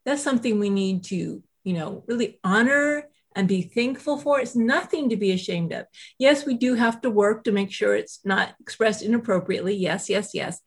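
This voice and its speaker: A woman who writes and teaches self-compassion, telling a personal story in a casual interview, animated and full of "you know" asides. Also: medium pitch, moderate pace, hardly any pauses, slightly rough. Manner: animated, acts out quoted voices, frequent "you know" asides.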